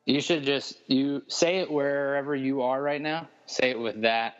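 A man from Denver, a fitness coach guesting on a podcast, talking in a laid-back way with many pauses and ums. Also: medium pitch, fairly even intonation, dull audio. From Denver, USA. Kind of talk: casual podcast interview.

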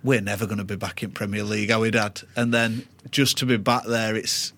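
A man's voice: on the low side, level tone, fairly quick, gravelly, a bit bright. A young man, a boxer answering questions in a studio in a modest, plain-spoken way. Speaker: boxer and guest. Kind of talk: casual interview chat.

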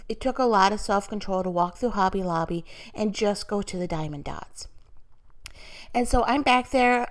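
A middle-aged woman telling a personal story in a chatty, candid way, with light self-mockery, as she shares a faith-based reflection. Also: medium pitch. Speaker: mother sharing a personal story. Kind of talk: casual faith-based vlog talk.

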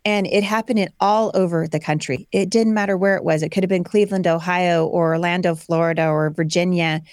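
Lively low-voiced woman telling stories. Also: a little fast, smooth, no room sound, clean studio sound. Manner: animated storyteller acting out quoted voices. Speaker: guest, homeschooling mother. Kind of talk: personal storytelling in conversation.

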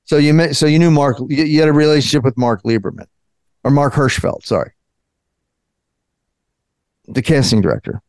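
A man's voice: on the high side, normal speed, long pauses, a little mellow, dry recording. A man hosting a podcast interview, asking rambling, overlapping questions. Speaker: podcast host. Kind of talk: casual interview chat.

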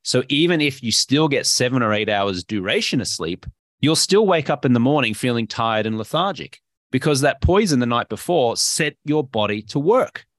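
A man with an Australian accent, speaking as a guest in an energetic, emphatic and playful interview. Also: medium pitch, moderate pace, no room sound, clean studio sound. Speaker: podcast guest, health coach.

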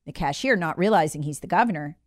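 A woman's voice: low voice, animated, fast talker. A woman talk radio host delivering a heated, scornful monologue and mockingly imitating people. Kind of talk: opinionated talk show monologue.

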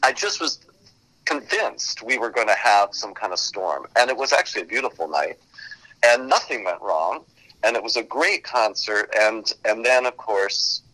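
A man's voice: lowish voice, big pitch swings, moderate pace, pushed and bright, poor audio. A man guest in a casual interview, chatting about worries before an event. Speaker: guest, musical writer.

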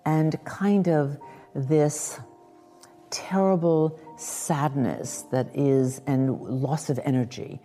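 An older woman with a strikingly low, mellow voice recalls her past in a slow, reflective way, pausing and restarting as she goes. Soft music sits faintly behind her. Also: big-room sound. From Lithuania. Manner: reflective and measured, with pauses and restarts. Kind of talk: personal recollection.

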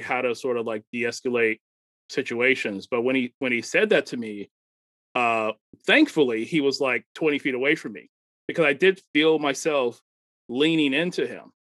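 Male comedy producer, mid-pitch, rambling storyteller who laughs a lot, close dry recording. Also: normal speed, pushed and bright, no room sound. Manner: rambling, laughs often, acts out quoted dialogue. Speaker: comedy show producer and podcast co-host. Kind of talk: casual chat.

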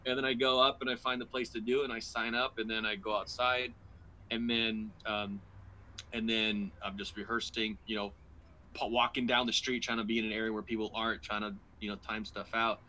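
A man's voice: lowish voice, brisk, rough recording. A man, a guest comedian, telling a rambling personal story in casual podcast chat, full of restarts and fillers and acting out his own past lines. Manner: rambling, animated anecdote with many restarts and fillers.

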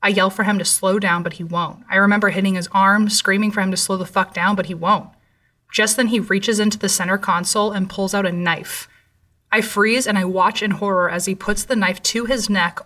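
Woman, narrator, true horror story, somber, bright tone, set back from the mic. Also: mid-range voice, fairly even intonation, a little fast, distant mic.

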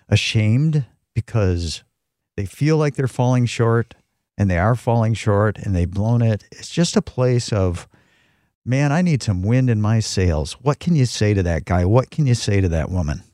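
A man co-hosting a devotional talk show, speaking in a steady, pastoral, reassuring way. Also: on the low side, a little slow, no room sound, studio quality.

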